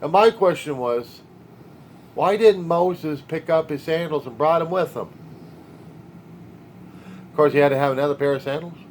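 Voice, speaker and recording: A man's voice: on the high side, moderate pace, long pauses, a little hiss or hum. A man talking alone in a video diary, rambling in a sardonic, wisecracking way. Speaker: video diarist. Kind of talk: rambling personal monologue.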